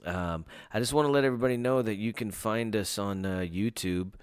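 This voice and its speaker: A man's voice: fairly low pitch, brisk, clean tone, dry recording, clean studio sound. A man hosting a casual podcast, rambling loosely with lots of hesitations. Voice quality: rambling, lots of fillers and restarts. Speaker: podcast host.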